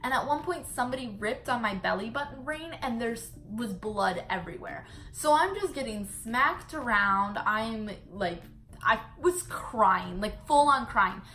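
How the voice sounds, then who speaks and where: A woman's voice: a little high, a little slow. A young woman vlogger, casually retelling a story with lots of "like" fillers. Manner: chatty, animated retelling full of "like" fillers.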